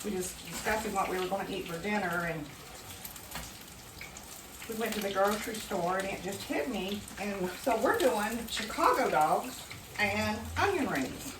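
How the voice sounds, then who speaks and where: A woman's voice: mid-range voice, lively intonation, moderate pace, distant mic, noisy background. Chatty woman cooking in a roomy kitchen. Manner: chatty, enthusiastic, talks to viewers as friends. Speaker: home cooking vlogger. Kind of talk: casual cooking demonstration. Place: home kitchen.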